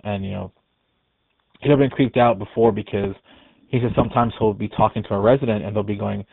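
A man's voice: lowish voice, steady tone, fairly quick, gravelly, breathy edge, dry recording. A man who works at a care facility, telling a ghost story in a casual, rambling and hesitant way. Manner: rambling and hesitant, with many restarts. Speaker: care facility staff member. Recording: tinny phone-like recording, dry.

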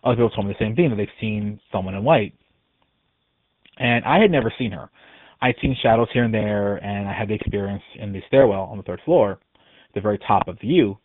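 Over a tinny, dry phone line without echo, a man from Texas recounts a ghost story as a casual phone-in. His voice is fairly low and a little fast, and he wanders along with many fillers and restarts.

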